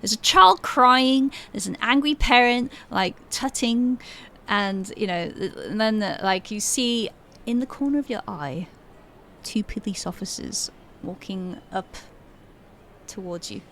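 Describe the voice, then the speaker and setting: A woman's voice: medium pitch, animated, unhurried, bright, forceful tone, a little hiss or hum. A woman narrating a tabletop game as game master, casual and giggly.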